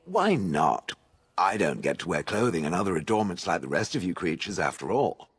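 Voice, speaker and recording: An actor playing a haughty, aloof male stone golem in a game, speaking with posh, husky dryness. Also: low-pitched, big pitch swings, moderate pace, full character voice. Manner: posh, refers to others as "it". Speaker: game character. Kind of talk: voiced game dialogue.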